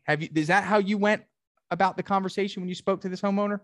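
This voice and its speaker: A man's voice: high voice, fairly even intonation, fast talker, no room sound, studio quality. A man coaching a salesperson one-on-one, direct and emphatic, often acting out customer conversations.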